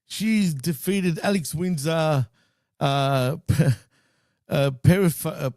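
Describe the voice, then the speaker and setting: A man co-hosting a wrestling podcast in a loose, excitable way, throwing in dude and bro and the odd swear. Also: fairly high pitch, very slow, no echo, clean studio sound. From Greek heritage. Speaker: podcast co-host. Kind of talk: casual wrestling chat.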